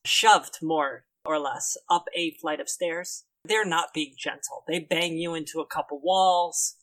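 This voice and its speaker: A man narrating a tabletop role-playing game as game master, in a relaxed, descriptive way. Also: fairly high pitch, vocal fry.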